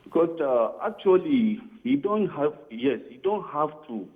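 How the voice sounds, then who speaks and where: A man's voice: on the high side, very animated, a little slow, slightly rough. A man calling into a TV debate show, giving his view and repeatedly asking "you understand?". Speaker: caller. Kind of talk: phone-in comment. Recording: tinny phone line.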